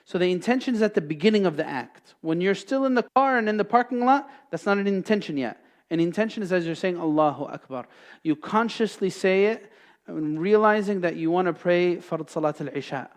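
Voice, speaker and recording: A man's voice: sits high, fairly quick. A man teaching a class at a mosque, explaining each point by asking questions and answering them himself. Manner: explanatory, asks and answers his own questions. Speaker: Islamic teacher. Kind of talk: classroom lecture.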